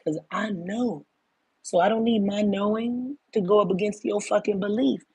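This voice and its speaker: A woman's voice: mid-range voice, moderate pace, a little mellow, breathy edge, dry recording. A woman in her fifties giving a casual spiritual monologue, emphatic and profane, often calling listeners "baby.". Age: 50s. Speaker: spiritual talk host.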